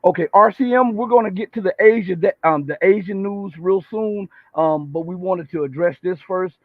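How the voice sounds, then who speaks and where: A man's voice: high-pitched, normal speed, no room sound. A man hosting a casual political chat, talking in a meandering way with many ums, heard over a call. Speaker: host. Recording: tinny dry phone line.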